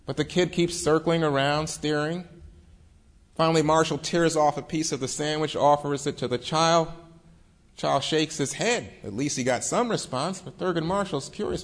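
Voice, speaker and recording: A man's voice: fairly high pitch, normal speed. Man telling a dramatic story. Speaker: speaker. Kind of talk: storytelling talk.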